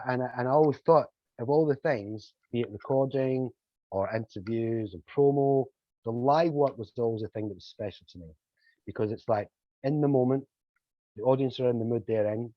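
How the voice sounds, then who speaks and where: An older man, a musician telling animated anecdotes as an interview guest. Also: mid-range voice, no echo. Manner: animated anecdotes, acting out quoted voices. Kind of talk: storytelling in a podcast interview. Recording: slightly dull lo-fi audio.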